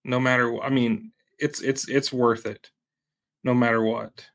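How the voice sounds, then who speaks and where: A man being interviewed as a guest, speaking haltingly and often pausing with fillers. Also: medium pitch, level tone, a bit bright. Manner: hesitant, many fillers and restarts. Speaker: guest entrepreneur. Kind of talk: conversational interview.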